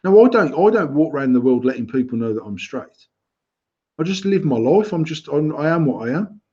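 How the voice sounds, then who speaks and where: A man's voice: on the high side, expressive, brisk, mellow, husky, lo-fi sound. A British man co-hosting a casual banter podcast, talking bluntly and opinionatedly with lots of swearing and restarts. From United Kingdom. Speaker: podcast co-host.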